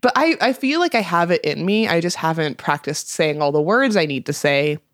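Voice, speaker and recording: A woman's voice: fairly low pitch, lively intonation, brisk, dry recording. A young woman co-hosting a podcast in casual chat, giggly and playful, trailing off with fillers. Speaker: podcast co-host.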